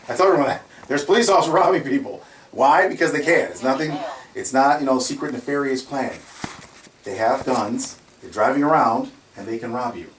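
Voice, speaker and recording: A man tells stories in conversation, animated and quick to laugh. His voice sits back from the microphone and echoes a little around the room. A faint hiss of noise runs behind him. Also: mid-range voice. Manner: animated, laughs often while telling stories. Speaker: security company owner. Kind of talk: conversational storytelling. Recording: roomy, distant mic, faint noise.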